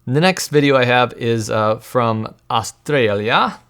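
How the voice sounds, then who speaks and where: A man's voice: medium pitch, expressive, measured pace, fairly bright tone, clean tone. Chatty man reacting to clips. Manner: rambling, restarts and chuckles. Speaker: podcast host. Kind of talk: casual commentary on video clips.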